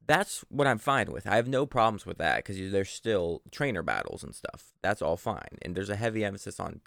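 Gravelly young man in casual chat. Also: fairly low pitch, fairly quick, no room sound, studio quality. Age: young adult. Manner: rambling, animated storyteller who swears freely.

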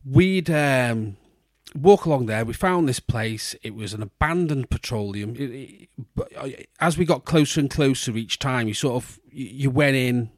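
A man's voice: medium pitch, normal speed, dry recording, studio quality. A man hosting a podcast, telling a long rambling anecdote in a casual chat, full of restarts and asides. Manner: rambling anecdotes with restarts, slips into posh put-on voices. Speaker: podcast host.

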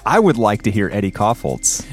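A man's voice: fairly low pitch, sing-song, moderate pace, faint music behind. A man hosting a casual podcast from a studio, upbeat and joking as he banters with his co-hosts. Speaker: podcast host.

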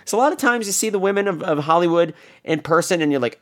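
A man's voice: high-pitched, fast, few pauses. A man hosting a podcast, telling a casual, profane story and acting out the people in it. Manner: animated, profane, acts out the people in his stories. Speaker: podcast host.

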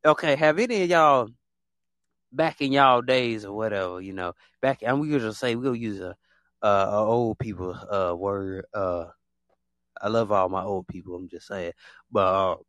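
A man's voice: lowish voice, moderate pace, dry recording. A man hosting a podcast, talking casually and at length to his listeners, rambling and repeating himself with many fillers. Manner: rambling and animated, heavy on fillers and repetition. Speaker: podcast host.

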